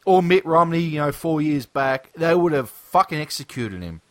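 A man's voice: fairly high pitch, lively intonation, normal speed, dry recording. A man co-hosting a casual political chat, blunt and profane, joking and swearing freely.

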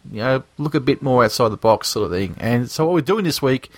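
An Australian man co-hosts a podcast, rambling in casual chat packed with fillers and jokes. His medium-pitched voice is lively in intonation and a little fast, with no room sound.

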